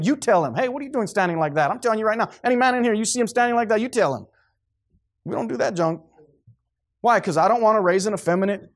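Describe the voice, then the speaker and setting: Fervent man preaching a sermon. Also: high voice. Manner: fervent, preachy, loses his train of thought.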